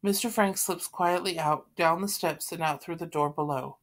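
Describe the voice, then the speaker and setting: A woman reading the stage directions of a play aloud in a plain, even delivery. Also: fairly low pitch, moderate pace. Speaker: reader.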